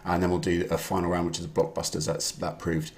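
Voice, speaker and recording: A man's voice: low-pitched, little pitch movement, quick pace, vocal fry. A man hosting an online quiz, chatting casually and greeting viewers by name. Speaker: quiz host. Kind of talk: casual live-stream chat.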